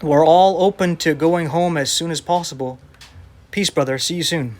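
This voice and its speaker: A man's voice: fairly high pitch, steady tone, moderate pace, a little mellow. A man who preaches online, reading viewer comments aloud and answering them in a sarcastic, defensive way.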